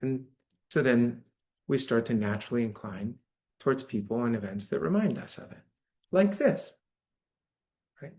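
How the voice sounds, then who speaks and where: A man's voice: mid-range voice, expressive, moderate pace, long pauses, darkish tone. A man giving a dharma talk to a live audience in a church hall, speaking conversationally and often checking in with "right?". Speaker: meditation teacher.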